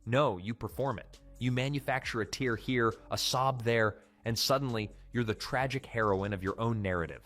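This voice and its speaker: A man's voice: mid-range voice, normal speed, fairly bright tone, faint music behind. A man reading scripted commentary narration in a punchy, dramatic way.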